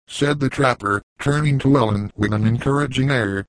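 A man's voice: medium pitch, moderate pace, few pauses, dry recording, poor audio. Man narrating a classic novel, dry. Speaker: audiobook reader. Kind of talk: scripted narration.

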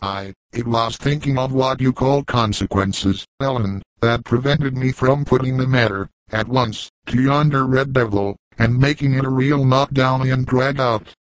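A man's voice: mid-range voice, steady tone, a little slow, hardly any pauses, no echo, lightly acted, rough recording. A man reading the part of a hot-tempered young frontiersman in a storybook, blustering and scornful. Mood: defiant.

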